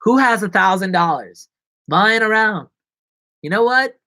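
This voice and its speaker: A man's voice: high-pitched, lively intonation, measured pace, bright, forceful tone, no echo. A man live-streaming from his apartment, chatting in a rambling, jokey, self-mocking way. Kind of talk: casual live-stream chat. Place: apartment in New York.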